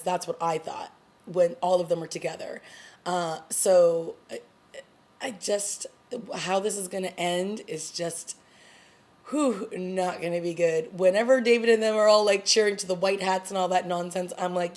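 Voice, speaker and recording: A woman's voice: on the low side, measured pace. A woman casually recapping a TV episode in a video review, talking expressively and acting out the characters' lines. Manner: animated, acts out characters' lines. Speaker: TV review vlogger.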